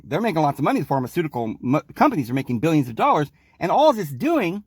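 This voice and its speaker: A man's voice: fairly high pitch, no room sound, clean studio sound. A man hosting a podcast in a rambling, emphatic monologue, sometimes acting out the people he quotes. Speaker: podcast host. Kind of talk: casual monologue.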